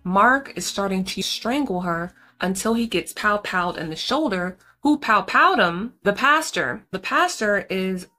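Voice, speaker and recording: A woman's voice: medium pitch, animated, unhurried, few pauses, pushed and bright, faint music behind. A young woman casually recapping a horror film, chatty and slangy, full of asides. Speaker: movie reviewer.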